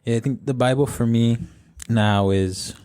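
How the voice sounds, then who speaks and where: A young man leading a casual podcast chat about faith, relaxed and easygoing, slipping Spanish phrases into his English. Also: mid-range voice, a little slow, smooth, no room sound, clean studio sound. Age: young adult. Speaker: podcast discussion leader.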